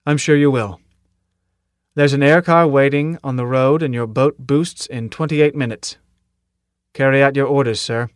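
A man voicing a stern, gruff older military commandant in an audiobook, speaking in a clipped, authoritative way and firing off pointed questions. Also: medium pitch, steady tone, moderate pace, no room sound, studio quality, lightly acted. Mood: commanding. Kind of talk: audiobook character reading.

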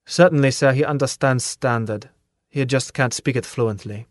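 A man's voice: mid-range voice, normal speed, no echo, lightly acted. A man voicing a polite, careful young male recruit with a German accent, speaking formally in an audiobook.

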